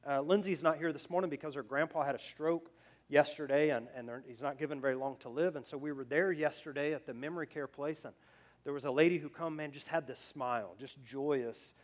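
A pastor preaching a conversational sermon. He often restarts his phrases and grows louder as he drives a point home. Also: a little high, fairly quick.

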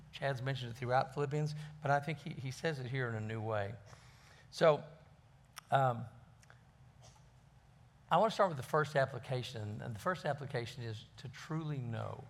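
With a mid-range voice, this male pastor preaches in a casual, homespun style. He often circles back over the same words as he works out what to say.

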